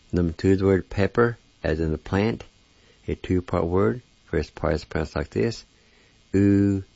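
In a slow word-by-word pronunciation lesson, a man carefully spells out and repeats each word. His voice is low, gravelly, and slightly mellow. The recording is dull and lo-fi, with no room sound.

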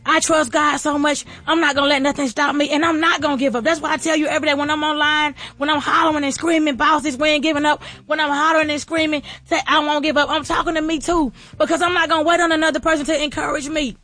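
A woman giving an emotional, preachy motivational talk, teary and repeating herself as she builds to shouts. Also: high voice, little pitch movement, fast talker, few pauses. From Atlanta area. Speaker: restaurant owner.

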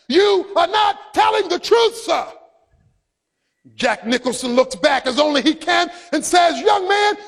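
A man preaching a sermon, swinging between loud shouted passages and quiet, low asides. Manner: preaching, rising to shouts then dropping low. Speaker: pastor. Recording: long hall reverb.

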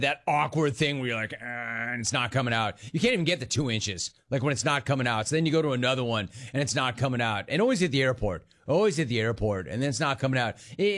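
A man hosting a call-in radio show, taking callers with a playful, joking delivery. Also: medium pitch. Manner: playful, jokey, sing-song riffs. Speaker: radio talk show host.

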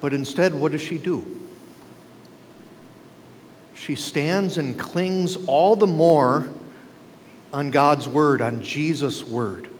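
A man's voice: fairly high pitch, slow pace, a little hiss or hum. A male pastor preaching a sermon, driving his points home with rhetorical questions to the congregation. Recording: long reverb with faint ambience.

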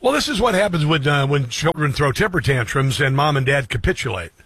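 A man hosting talk radio with a husky, fairly high voice. He talks with indignant force, breaking into loud exclamations. The studio sound is dry and close. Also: very animated, a little fast, no echo.

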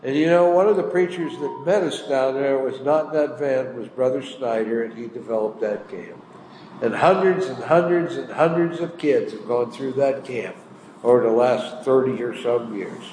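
A man's voice: medium pitch, normal speed, a little mellow. An older man preaching a sermon, telling a story in a folksy, plain-spoken way. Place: church hall. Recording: echoey hall, faint room noise.

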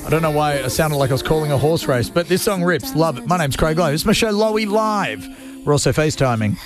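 Goofy high-voiced radio host. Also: male voice, fast talker, over music. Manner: goofy, self-mocking, energetic. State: tired from no sleep. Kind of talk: radio call-in show, live-streamed.

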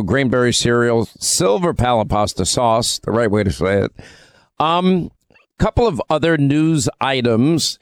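A man's voice: mid-range voice, clear, resonant tone, no echo. Talk radio co-host, man from New York, opinionated and chatty, dry close studio sound. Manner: chatty, opinionated, with frequent fillers. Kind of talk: talk radio banter and commentary.

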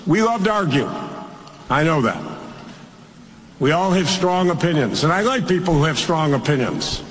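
A man's voice: on the high side, expressive, normal speed, fairly bright tone, slight background noise. An older man, a politician, giving an emphatic, folksy political speech. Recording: speech clip in a reverberant hall with faint ambience.

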